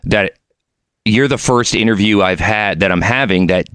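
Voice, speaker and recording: A man's voice: on the low side, normal speed, fairly bright tone, clean tone, dry recording. Chatty man in his forties hosting a podcast. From Mexico. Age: 40s. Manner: chatty, rambling, frequent restarts. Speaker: podcast host. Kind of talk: casual interview chat. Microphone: podcast mic.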